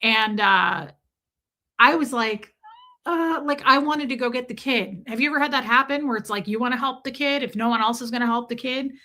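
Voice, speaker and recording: A middle-aged woman hosts a casual livestream, chatting freely and calling out viewers by name. Her voice sits a little high and has a bright, forceful edge. She talks in an opinionated, conversational way. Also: normal speed. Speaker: livestream host. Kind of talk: casual livestream chat reading viewer comments.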